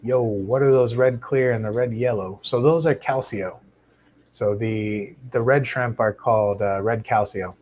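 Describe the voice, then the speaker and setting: A man hosting a casual live stream about his shrimp tanks, talking into a lapel mic in a home fish room in a relaxed, chatty way with plenty of fillers and restarts. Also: medium pitch, a little slow, rough recording. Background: faint hum of aquarium tanks.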